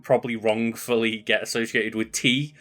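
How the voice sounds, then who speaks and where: A man's voice: on the low side, little pitch movement, normal speed, fairly bright tone, soft background music. A British man chatting casually as a podcast co-host, laughing easily as he talks. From Britain. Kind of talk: casual chat.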